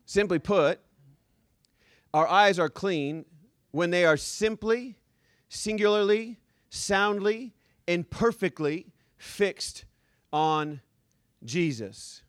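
A male pastor preaching a sermon as a lively, joking storyteller who acts out the scenes he describes. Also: high voice, takes it slowly, dry recording, clean studio sound.

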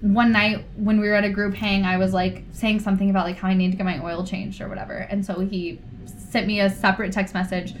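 Woman, 30s, podcast guest; animated storyteller who acts out quotes, mid-range voice. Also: medium pitch, fairly quick, slight background noise. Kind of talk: casual storytelling.

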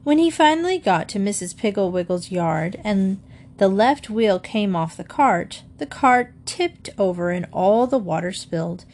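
A woman reading a children's book aloud to listeners in a gently expressive way. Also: mid-range voice, measured pace. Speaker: storyteller.

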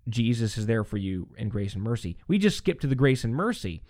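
A podcast host with a mid-range voice and a brisk pace teaches on scripture, captured in a clean, dry studio recording. He is earnest and animated in conversation, restarting his sentences often and asking "right?" along the way.

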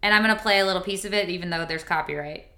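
A woman in her thirties co-hosts a casual podcast, chatting and telling stories. Her voice sits a little low but sounds bright and forward. The room around her is echoey. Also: very fast. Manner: chatty, storytelling, reads lyrics aloud. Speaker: podcast co-host. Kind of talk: casual chat about songs.

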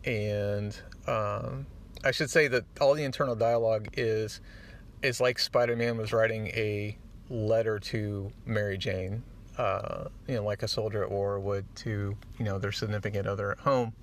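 A man hosting a podcast, retelling a comic book in a casual, animated way and getting choked up at the moving parts. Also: fairly low pitch, moderate pace. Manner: animated storyteller, acts out the dialogue; easily moved, gets choked up. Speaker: podcast host.

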